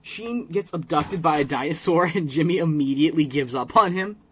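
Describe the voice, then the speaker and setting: A man's voice: on the high side, brisk, slight background noise. A man co-hosting a podcast, casually recapping a cartoon episode and acting out the characters' lines in an exaggerated way, with plenty of swearing. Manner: recaps scenes with exaggerated quoted voices, profane. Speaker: podcast co-host.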